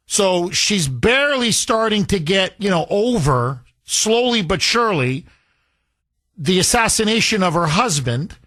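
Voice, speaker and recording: Animated high-voiced talk radio host. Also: male voice, a little slow. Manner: animated, indignant, repeats phone number.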